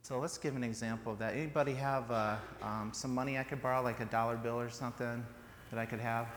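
A man's voice: medium pitch, steady tone, fast, fairly bright tone. A man preaching an informal sermon in a church, chatty and joking, with fillers and restarts. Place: church sanctuary. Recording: reverberant church hall, faint background noise.

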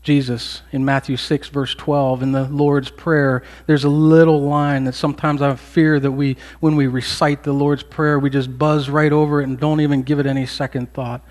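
A man preaching a sermon as pastor, earnest and emphatic, with repeated phrases and pauses. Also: medium pitch, level tone, darkish tone.

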